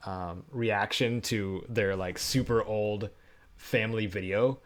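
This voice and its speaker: A man's voice: on the low side, steady tone, slow. A man live-streaming, chatting casually and laughing often as he talks to viewers while editing. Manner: chatty, giggly, talks to chat while working.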